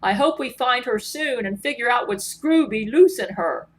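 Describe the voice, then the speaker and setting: A woman's voice: on the high side, lively intonation, moderate pace, voice pushed up, close to an everyday voice. A woman doing a folksy male judge. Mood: worried. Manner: folksy, drawling, exclaiming.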